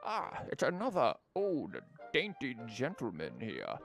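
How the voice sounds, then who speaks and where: Guy streaming a game, sarcastic jokey commentary, lively voice, faint music behind. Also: mid-range voice, a little slow. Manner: sarcastic, joking asides. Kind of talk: casual gameplay commentary.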